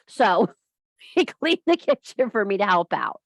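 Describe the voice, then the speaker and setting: A woman's voice: medium pitch, big pitch swings, measured pace, dry recording. A woman giving a casual spoken lecture on witchcraft, blunt and profane, firing up her listeners and laughing often mid-sentence. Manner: blunt, profane, fired-up pep talk. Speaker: witchcraft teacher.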